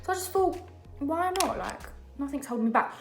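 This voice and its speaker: A woman's voice: high-pitched, very animated, fast talker. Young girl rambling thru a makeup chat, echoey room, bit of music behind. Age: young adult. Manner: chatty, rambling, many fillers and asides. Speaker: beauty vlogger. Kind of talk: casual chat while doing makeup. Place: home during lockdown.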